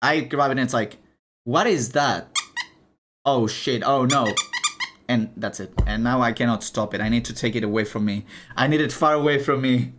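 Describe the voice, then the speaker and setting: A young man chatting casually on a live stream, animated and chatty, swearing and laughing as he shows off items. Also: mid-range voice, fast, background noise.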